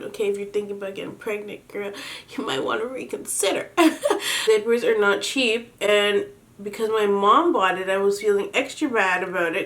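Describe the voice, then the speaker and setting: A young woman chatting to her viewers while doing her makeup at home, telling a story in an animated way, laughing often and swearing casually. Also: a little high. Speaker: beauty vlogger.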